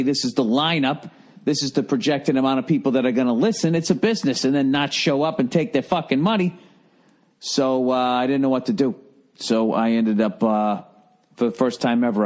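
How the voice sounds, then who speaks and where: A man's voice: medium pitch, a little mellow. Profane rambling male podcast host. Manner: profane, wry, self-mocking storytelling. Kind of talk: casual rambling monologue.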